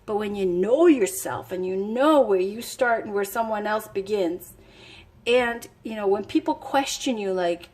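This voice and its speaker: A woman's voice: mid-range voice, measured pace, darkish tone. A woman giving a casual tarot reading, reading card passages aloud and chatting enthusiastically as she thinks aloud. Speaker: tarot reader.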